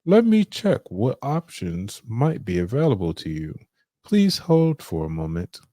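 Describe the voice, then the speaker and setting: A man doing a polite deep-voiced phone receptionist. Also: huge pitch swings, unhurried, warm tone, no room sound, clean studio sound, heavily acted. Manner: put-on deep voice, courteous and formal. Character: polite male credit card phone receptionist.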